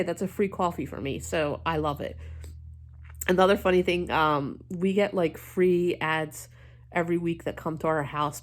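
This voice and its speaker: A woman vlogger in her thirties chatting casually, telling stories in a chatty, animated way and acting out what people said. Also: fairly low pitch. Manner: chatty, animated storytelling with quoted voices. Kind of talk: casual chat.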